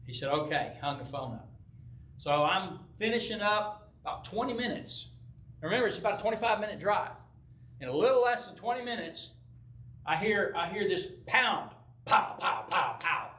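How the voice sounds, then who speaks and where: An older pastor tells a story from the pulpit in a folksy way and acts out the voices of the people in it. His voice sits high and sounds bright. He is heard from a distance in an echoey church. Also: animated, normal speed, a little hiss or hum. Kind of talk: sermon with personal story. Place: church sanctuary.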